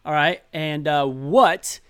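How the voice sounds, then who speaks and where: A man with a fairly high voice co-hosting a podcast, chatting casually and pausing on fillers. The sound is dry and close, with no room echo. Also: fairly bright tone, smooth. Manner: chatty, hesitant with many fillers. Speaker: podcast co-host.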